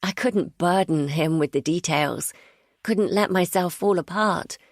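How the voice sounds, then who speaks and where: Woman narrator, low voice, dry close recording, measured first-person thriller reading. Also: dry recording. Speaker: audiobook narrator.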